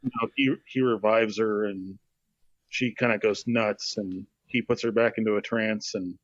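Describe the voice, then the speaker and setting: A man co-hosting a podcast, chatting casually and slowly, thinking aloud with many fillers. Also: lowish voice, steady tone, dry recording, highs cut off. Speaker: podcast co-host. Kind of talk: casual chat.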